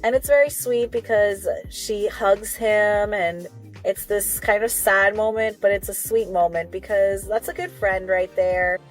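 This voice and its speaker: Chatty woman recapping a reality show. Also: medium pitch. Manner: chatty, rambling, quick asides and apologies. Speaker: reaction video host. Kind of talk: casual recap and commentary.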